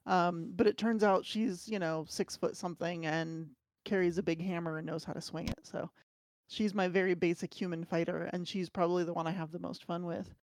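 A woman's voice: lowish voice, fairly even intonation, brisk, darkish tone, dry recording. Chatty enthusiastic woman, dry close sound. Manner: enthusiastic, chatty, restarts a lot. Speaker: podcast panelist. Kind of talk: casual chat.

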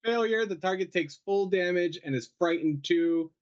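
A man playing a tabletop role-playing game, slowly describing what his character does. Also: high-pitched, lo-fi sound. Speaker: player.

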